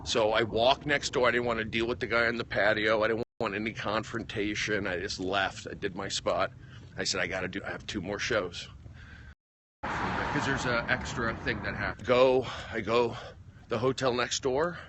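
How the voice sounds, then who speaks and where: A man's voice: lowish voice, fairly even intonation, moderate pace. Rambling comedian man on a noisy street. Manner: rambling, repeats himself, restarts phrases; gets worked up and loud. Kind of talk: casual livestream storytelling. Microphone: phone livestream.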